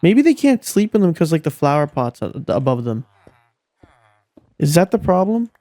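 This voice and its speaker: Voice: mid-range voice, big pitch swings, moderate pace, mellow, dry recording. A gameplay commentator talking casually, exasperated and swearing often, scolding game characters, with the voice leaping up when frustrated.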